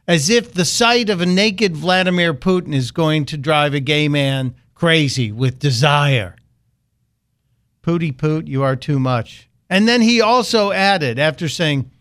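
A man's voice: on the high side, expressive, measured pace, fairly bright tone. A man hosting a political talk radio show, delivering a sarcastic, mocking monologue.

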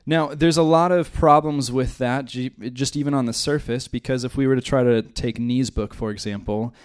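A man's voice: medium pitch, steady tone, moderate pace, darkish tone, clean tone. A man from the United States teaching a Bible study in a conversational way, with joking asides. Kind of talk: church teaching.

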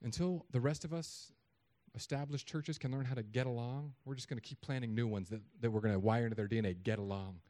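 A man preaching a sermon in a conversational, joking way, swinging between loud emphatic peaks and quiet asides. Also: medium pitch, fast talker.

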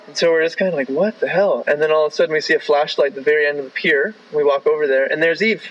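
A Canadian man spins a rambling anecdote, sprinkling "like" and "right?" through his sentences. His voice sits slightly high for a man, and the recording is a bit dull and lo-fi. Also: fairly even intonation, racing, fairly bright tone. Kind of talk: casual spoken storytelling.

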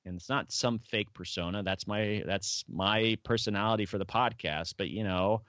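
A man's voice: lowish voice, moderate pace, a bit bright, dry recording. A middle-aged man, a podcast guest, talking casually in a rambling way and telling stories. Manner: rambling storyteller, acts out quoted voices. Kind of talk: casual interview talk. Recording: dull, dry lo-fi audio.

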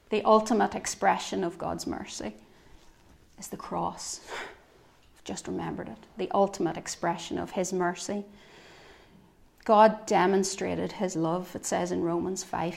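A woman giving a devotional sermon, earnest, swinging between soft reflective lines and emphatic ones. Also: mid-range voice, gravelly. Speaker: preacher.

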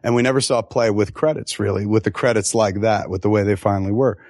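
A middle-aged film director chats casually in an interview, telling stories full of acted-out quotes and frequent swearing. His voice is on the low side and he talks fast. The sound is clean studio audio with no room sound.

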